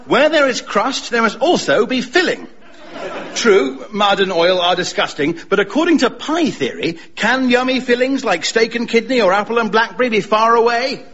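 A man playing a cheerful, dim-witted young gentleman full of daft schemes, talking eagerly. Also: very high voice, sing-song, normal speed, dull audio, full character voice. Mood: excited. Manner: eager, chirpy, posh.

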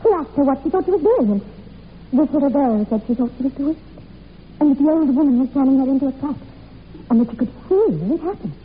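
A young woman acting in a 1940s radio drama, telling a dark family legend in an intense, breathless way. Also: sits high, animated, fast. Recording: tinny old radio recording with faint hiss.

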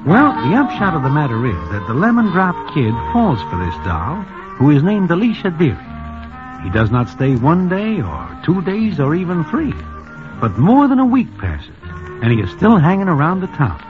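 A man narrates an old radio drama with wry present-tense storytelling, his pitch swinging widely and expressively. His voice sits slightly high. The broadcast sounds muffled, with music playing underneath. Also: huge pitch swings, moderate pace.

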